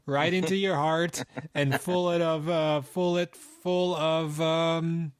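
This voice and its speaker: A man in his forties chats on a podcast, playing along with his co-host's jokes in a deadpan way. His voice sits somewhat high and is recorded close and dry, with no room sound. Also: slow, smooth, no room sound. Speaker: podcast co-host. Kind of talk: casual chat.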